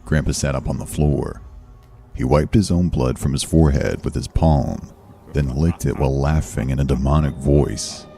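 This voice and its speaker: Very deep gravelly male narrator. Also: steady tone, normal speed, warm tone. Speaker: story narrator. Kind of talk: scripted horror narration.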